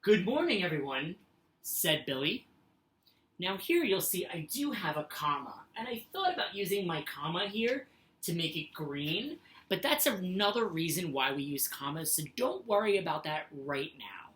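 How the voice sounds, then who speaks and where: A woman's voice: lowish voice, sing-song, moderate pace, a bit bright. A woman teacher giving a recorded lesson, patient and sing-song, reading example sentences aloud with exaggerated expression. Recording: echoey room.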